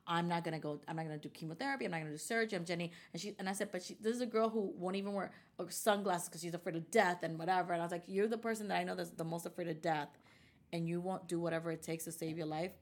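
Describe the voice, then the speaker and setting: A woman with a fairly low voice tells a personal story in a relaxed interview. She talks animatedly and slips into the voices of the people she quotes. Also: very fast. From United States. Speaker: guest. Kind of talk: conversational storytelling.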